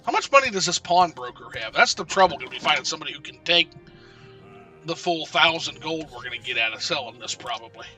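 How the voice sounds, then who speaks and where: An excitable man streams a video game and chats casually with his viewers, cursing freely. His voice sits high and comes across very bright and cutting. He sits a little back from the mic, with faint game music underneath. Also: quick pace, far from the mic. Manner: excitable and profane, swearing often. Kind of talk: casual live gameplay commentary.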